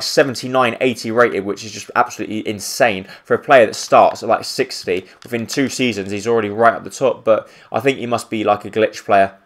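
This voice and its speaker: A man commentating his own football video game as he plays, with excitable play-by-play and rambling asides. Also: mid-range voice. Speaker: gaming YouTuber.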